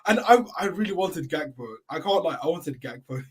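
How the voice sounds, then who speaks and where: Man, husky voice, fairly high, emphatic, repeats himself, football chat. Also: expressive, brisk. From half Dutch. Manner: eager, emphatic, repeats his points.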